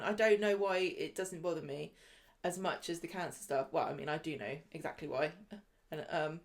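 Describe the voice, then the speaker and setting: A woman with an English accent co-hosting a podcast, chatting casually about a soap and thinking out loud. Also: deep voice, moderate pace. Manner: chatty, thinks aloud, swears lightly. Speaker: podcast co-host. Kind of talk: casual chat recapping a soap.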